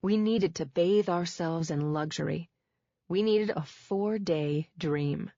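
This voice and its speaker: A woman narrating a first-person audiobook in a wry, measured way, close to a studio mic. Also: lowish voice, warm tone, no echo. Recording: dull dry studio read.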